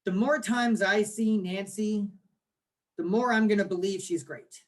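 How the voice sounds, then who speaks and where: Animated man in his forties explaining. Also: high voice, unhurried. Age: 40s. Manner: animated explaining with rhetorical questions. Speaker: guest, marketing agency owner. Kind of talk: podcast interview.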